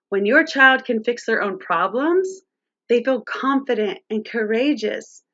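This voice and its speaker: A woman's voice: high voice, a bit bright, dull audio. A woman presenting a live-streamed teaching talk on parenting, speaking directly to viewers and their chat.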